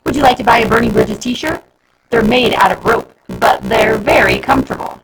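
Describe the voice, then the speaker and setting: A woman's voice: medium pitch, wildly swooping pitch, normal speed, very noisy. Woman playing a wheedling, scheming schoolboy. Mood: whiny. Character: scheming, fast-talking schoolboy narrator.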